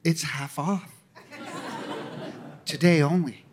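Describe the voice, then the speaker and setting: A man voicing his excited, insistent wife while telling a stand-up story, with the audience laughing behind him. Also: sits low, takes it slowly, pitched below the performer's own voice. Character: excited shopping-loving wife, woman. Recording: live club, loud crowd laughter.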